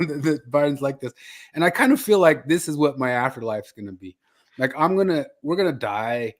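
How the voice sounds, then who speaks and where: A man co-hosting a podcast in easygoing, casual chat. His voice is mid-pitched and ordinary, and he tells stories in a laid-back way. He laughs often as he talks. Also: lively intonation, brisk, a bit bright. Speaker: podcast co-host.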